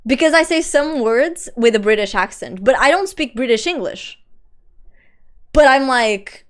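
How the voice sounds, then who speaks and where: A woman's voice: sits high, animated, a little slow. A young woman from Lisbon with a light Portuguese accent, a streamer chatting casually with her viewers. She laughs often and swears casually. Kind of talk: casual live-stream chat.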